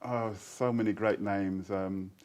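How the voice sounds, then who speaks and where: Animated low-voiced Birmingham man. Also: takes it slowly. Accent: Birmingham English with Jamaican influence. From Birmingham, England. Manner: animated, laughs often, breaks into quoted voices. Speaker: interview guest, poet. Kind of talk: casual storytelling interview.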